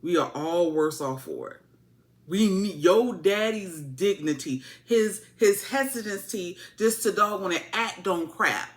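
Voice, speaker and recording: A woman's voice: fairly low pitch, expressive, unhurried. A woman voicing a stern older male royal adviser who scolds a young king. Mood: scolding. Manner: scolding, lecturing.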